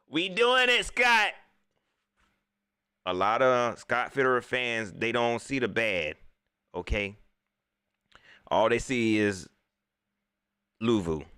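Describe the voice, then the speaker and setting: A man, hosting a casual live sports talk show, animated and talking straight to his viewers as he reads their chat. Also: medium pitch, smooth, no echo, studio quality. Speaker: sports talk livestream host.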